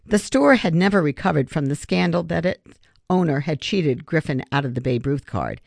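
A narrator reading a children's novel aloud in steady audiobook narration. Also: medium pitch, normal speed, gravelly, dry recording, clean studio sound. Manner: steady storytelling.

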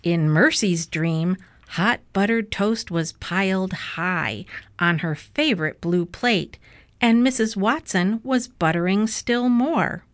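Slow, gentle woman reading a storybook. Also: mid-range voice, no room sound. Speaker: storybook reader. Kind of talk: reading a children's book aloud.

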